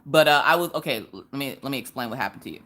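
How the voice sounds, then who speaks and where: Loud chatty Southern woman. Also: animated, racing. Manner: loud, chatty, jumps to high squeals when greeting viewers. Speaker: live-stream host. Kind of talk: casual live-stream chat.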